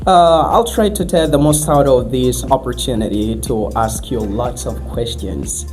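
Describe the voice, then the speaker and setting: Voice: mid-range voice, unhurried, a little mellow, soft background music. A guest teacher asking polite questions on a podcast, with brief acknowledgements.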